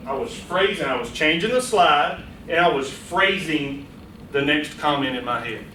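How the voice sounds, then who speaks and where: A man giving a lively, playful public speaking workshop to a small audience in a meeting room, speaking straight to them. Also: a little high, normal speed, slight background noise. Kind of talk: live workshop lecture. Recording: echoey room, voice from a distance.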